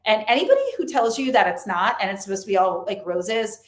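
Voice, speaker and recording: Speaking fairly quickly in a medium-pitched voice, a woman who vlogs on lifestyle and faith offers a casual motivational talk to camera. She comes across as earnest and chatty, and the room she's in is echoey.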